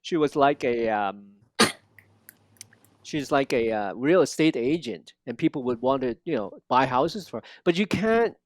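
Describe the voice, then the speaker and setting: A man coaching a student one on one, modeling lines slowly and repeating them with lively energy. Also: medium pitch, dry recording. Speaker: accent coach. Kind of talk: one-on-one language lesson.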